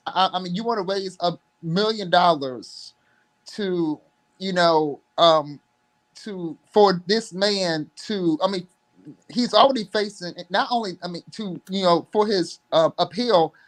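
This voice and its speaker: A young man joining a livestream chat as a guest, speaking hesitantly with many pauses and restarts. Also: high-pitched. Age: young adult.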